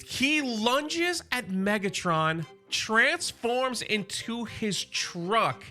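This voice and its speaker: A high-voiced man talks through a comic issue with excited, casual energy. His tone is bright and sharp, and soft music plays behind him. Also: drawn-out words. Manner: enthusiastic, casual, reads quotes aloud. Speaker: comic book channel host.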